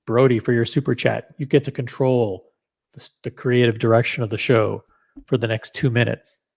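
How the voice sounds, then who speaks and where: A man's voice: medium pitch, level tone, normal speed, gravelly, a little mellow, slightly rough. A man hosting a casual livestream, talking straight to viewers in an upbeat way. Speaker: livestream host.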